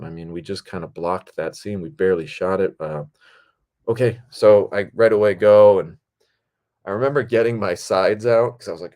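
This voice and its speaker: A man hosting his own show, telling behind-the-scenes stories in a rambling, animated way and acting out what people said. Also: moderate pace. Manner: rambling and animated, acts out quotes in higher voices. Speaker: podcast host and film director. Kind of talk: casual storytelling monologue.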